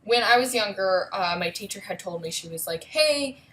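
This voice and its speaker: A woman's voice: medium pitch, a little fast, a bit bright, a little hiss or hum, poor audio. A woman vlogger with a young son, telling a personal story in a casual, rambling way with many fillers and asides. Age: adult with a young son.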